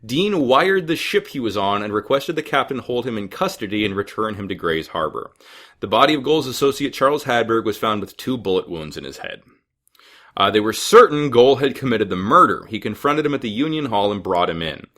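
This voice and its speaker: A man's voice: fairly low pitch, very animated, fairly quick, a bit bright. A male podcast host reading local history notes aloud in a casual chat, dropping dry, teasing asides.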